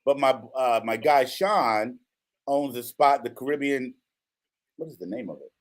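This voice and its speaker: A man co-hosting a casual chat, relaxed and affirming, often saying okay and right. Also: mid-range voice, a little slow. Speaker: co-host.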